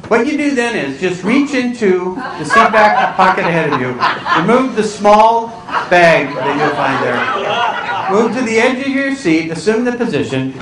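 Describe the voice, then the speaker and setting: Animated comic speaker in an echoing hall. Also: male voice, high-pitched, normal speed. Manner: animated, acts out voices, squeals and cries out for comic effect. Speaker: comedic keynote speaker. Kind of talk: stand-up storytelling to a live audience. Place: large hall with a live audience. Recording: echoey hall recording from a distance, with audible room noise.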